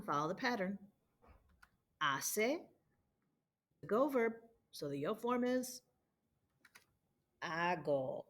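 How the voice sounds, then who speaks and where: A woman teacher walking students through homework and patiently drilling verb conjugations during a screen-shared lesson. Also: medium pitch. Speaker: Spanish teacher. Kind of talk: recorded homework walkthrough.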